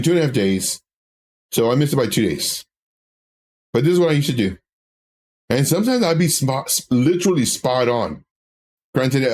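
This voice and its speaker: A man's voice: medium pitch, a little mellow, a little hiss or hum. Man chatting over a trading chart. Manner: rambling, personal storytelling. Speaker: crypto trading educator. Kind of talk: casual livestream chat.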